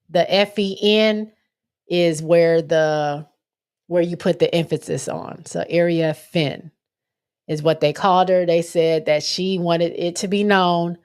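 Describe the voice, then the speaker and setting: This is a young woman with a slightly low-pitched voice. She hosts a relaxed sports livestream in a loose, chatty way, reading viewer comments aloud and correcting herself as she goes. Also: clear, resonant tone. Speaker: livestream host. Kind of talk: casual sports chat livestream.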